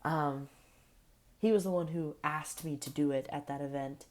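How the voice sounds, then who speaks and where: A young woman talking casually and earnestly to camera, meandering through thoughts with fillers and soft laughs, in an affirming, spiritual way. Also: deep voice, fairly even intonation, normal speed. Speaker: vlogger. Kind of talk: casual reflective monologue.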